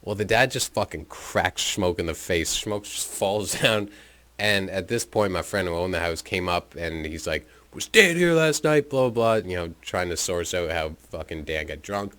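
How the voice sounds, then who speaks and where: A man's voice: sits low, moderate pace, a bit bright. A man telling a personal story in a rambling, profane, casual way into his own microphone, with chuckles and filler words. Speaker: podcast storyteller.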